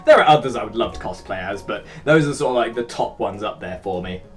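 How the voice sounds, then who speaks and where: A man's voice: fairly low pitch, lively intonation, fast talker, soft background music. A young English man hosting his own channel, answering viewer comments in rambling, self-mocking casual chat with casual swearing. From Britain. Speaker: YouTube host.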